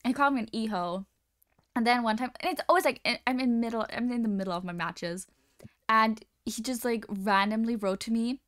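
A young woman hosting a livestream, telling stories in a chatty, animated way. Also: on the high side, brisk, dry recording. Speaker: livestream host. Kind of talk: casual chat.

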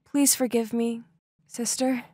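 A woman voicing a young adoptive sister in an animated storybook, speaking softly and apologetically. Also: a little high, takes it slowly, no room sound, clean studio sound. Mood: contrite.

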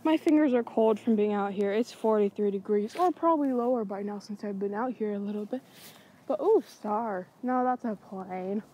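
A woman rambles to herself in a casual vlog, scatterbrained and quick to lose her thread, seated on a backyard swing outdoors on a cold night. Recorded on a handheld iPod camera, her medium-pitched voice is mellow with a breathy edge and moves at a moderate pace.

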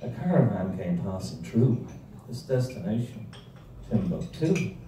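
Guy playing a pompous bard reciting, dark mellow tone, distant mic. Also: lowish voice, big pitch swings, measured pace, slight background noise. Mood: declaiming. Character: grand pompous male poet Shakespeare, adult. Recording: distant echoey room mic, faint clatter.

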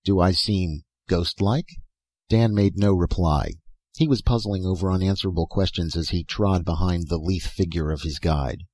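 A man narrates a fiction audiobook in a measured, even reading. His voice is very low and husky. The recording is dry, with no room sound. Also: dry recording. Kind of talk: scripted narration.

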